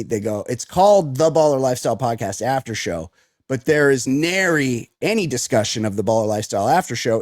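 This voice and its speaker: A man's voice: mid-range voice, darkish tone, no echo, clean studio sound. Upbeat joking man hosting a podcast. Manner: upbeat, jokey and rambling. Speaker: podcast host. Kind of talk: casual comedy podcast chat.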